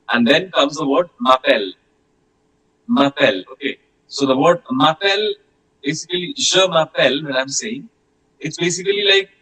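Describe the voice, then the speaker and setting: Male teacher, bright, slightly high voice, online class, patient drills. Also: poor audio. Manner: patient, repeats words slowly for pronunciation. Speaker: French language teacher.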